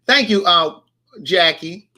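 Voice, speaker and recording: Young man, high voice, bright tone, casual storytelling host. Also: lively intonation, slow. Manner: chatty storyteller, acts out quoted lines. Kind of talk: casual livestream chat.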